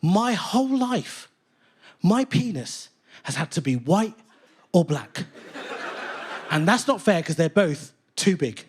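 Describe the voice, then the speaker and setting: A man in his late thirties performing a brash, animated stand-up set on a theatre stage. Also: high-pitched, slow, pauses often, husky. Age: late 30s. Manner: animated, brash, swings between voices. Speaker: stand-up comedian.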